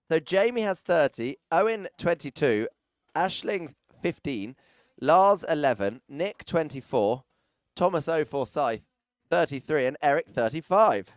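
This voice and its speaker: A man's voice: fairly high pitch, no echo. A man commenting live as arena announcer, chatty and teasing, with jokey asides to people around him, speaking into a close microphone.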